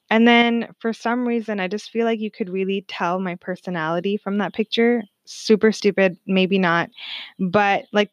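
A woman in her twenties talks through her own podcast in a loose, candid way, swearing freely and filling her sentences with "like". Her voice sits at an ordinary pitch for a woman. The recording is dry and a little dull, with no room sound. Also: no echo. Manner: candid, animated, swears freely, heavy use of "like". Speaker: podcast host. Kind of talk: casual solo podcast chat.

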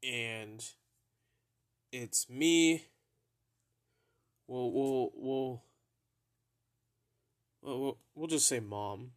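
A man's voice: medium pitch, very slow, pauses often. A young man hosting a podcast, telling a story in a laid-back, profane way and laughing often as he goes. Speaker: podcast host. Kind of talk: casual storytelling.

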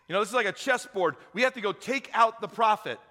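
A man's voice: sits high, animated, fast, bright, forceful tone. A man preaching, briefly voicing a frustrated ancient king in a casual, exasperated way. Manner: exasperated, casual modern phrasing. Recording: echoey hall.

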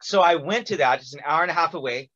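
A man's voice: on the high side, fast, dull audio, a little hiss or hum. A man telling a long personal story in casual conversation, acting out quotes with lots of fillers. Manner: animated, acts out quotes with many fillers.

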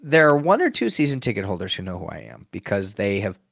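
A man's voice: fairly low pitch, quick pace, vocal fry. A man who performs as a sports mascot, telling stories in a casual interview, laughing often and acting out what people said. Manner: animated, laughs often, acts out quotes.

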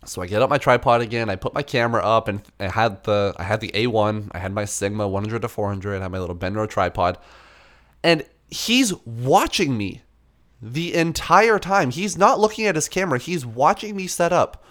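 A young man casually telling a story, animated, swearing and acting out the people in it. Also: moderate pace. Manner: animated, swearing, acts out dialogue in a higher voice.

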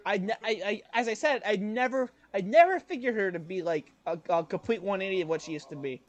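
A man's voice: high voice, animated, fairly quick. A young man co-hosting a casual podcast chat, rambling, crude and self-mocking, laughing through his stories. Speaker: podcast co-host.

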